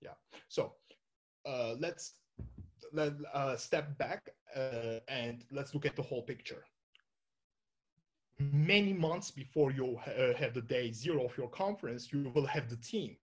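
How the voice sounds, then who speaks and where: A man's voice: mid-range voice, a little slow. A man with a Turkish accent giving an informal talk to an audience, thinking aloud and often restarting his sentences with fillers. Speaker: conference speaker.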